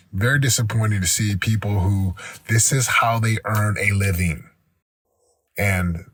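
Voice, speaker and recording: A man's voice: fairly low pitch, breathy edge, no room sound. A man hosting a motivational podcast, telling a personal story in an earnest, rambling way with many restarts. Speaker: podcast host.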